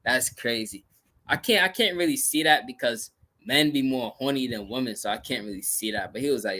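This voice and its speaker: Guy doing reaction commentary, bright pushy voice, cussing and ranting about what he sees. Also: mid-range voice, brisk. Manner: blunt, profane, animated rants. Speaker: reaction video host.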